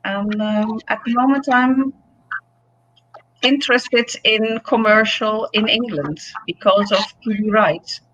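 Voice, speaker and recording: A woman from the Netherlands calling in as a guest, talking in a hesitant, halting way with many fillers. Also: on the high side, a bit bright, dull audio, slight background noise. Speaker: guest caller. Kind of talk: casual chat.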